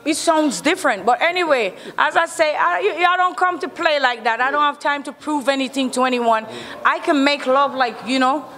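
A Jamaican woman answers questions in a loud, teasing, boastful way. Her voice sits high and bright. A long reverb trails each word. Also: normal speed. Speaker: interviewee. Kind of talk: casual interview talk.

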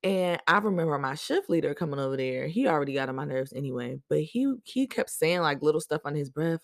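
A woman hosting a podcast, telling stories in a chatty, animated way with slang and lots of fillers. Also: deep voice, quick pace, no echo, clean studio sound. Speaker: podcast host. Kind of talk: casual storytelling chat.

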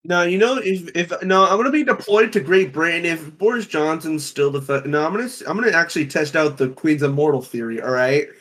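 A man's voice: on the high side, brisk, few pauses, fairly bright tone. A young man in casual chat with friends, joking and provocative, laughing often.

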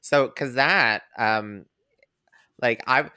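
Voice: medium pitch, drawn-out words, sharp tone, clean tone. A podcast co-host in casual chat who laughs often and trails off mid-thought. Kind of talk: casual chat reviewing a TV episode.

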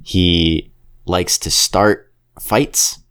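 Deep-voiced man rambling casually. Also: fairly even intonation, a bit bright, smooth. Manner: rambling, opinionated, keeps slipping into quick character impressions. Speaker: podcast co-host reviewing a film. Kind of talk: casual chat.

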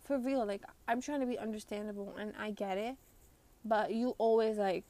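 A woman's voice: mid-range voice, steady tone, normal speed, warm tone. A young woman casually telling a story to her viewers, chatty and profane, with lots of "like" fillers. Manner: chatty and profane, heavy use of "like".

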